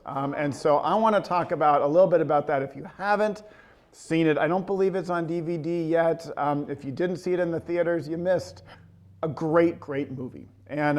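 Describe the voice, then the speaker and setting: A man's voice: a little high, normal speed, darkish tone. A man teaching a Bible study, telling a story in a conversational way with many ums and restarts. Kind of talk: casual teaching talk.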